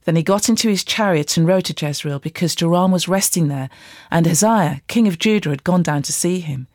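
A Bible reader reading scripture aloud at a steady, even rate. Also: medium pitch, brisk, no room sound, clean studio sound.

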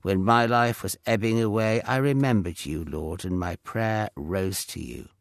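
A man's voice: lowish voice, unhurried, no room sound, clean studio sound. A man voicing the prophet Jonah, speaking solemnly and earnestly in prayer. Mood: prayerful.

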